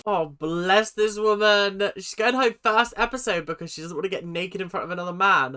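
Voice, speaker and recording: A man's voice: high voice, expressive, moderate pace, few pauses, pushed and bright. A British man chatting casually as he reacts to a show, laughing and mimicking lines he hears. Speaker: reaction video host.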